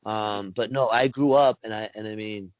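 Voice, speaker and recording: Animated storytelling man on a video call. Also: normal speed, dry recording, rough recording. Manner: animated storyteller, acts out quotes with big pitch jumps. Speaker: wrestling referee guest. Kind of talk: casual storytelling interview.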